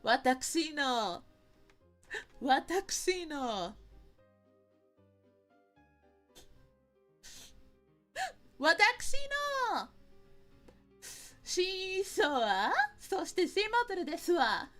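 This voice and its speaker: A woman's voice: sits high, big pitch swings, takes it slowly, long pauses, a bit bright, faint music behind, pitched above the performer's own voice, exaggerated voice. A woman voicing a haughty young princess-goddess who speaks in lofty, ornate noble-lady phrasing. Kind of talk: in-character stream greeting.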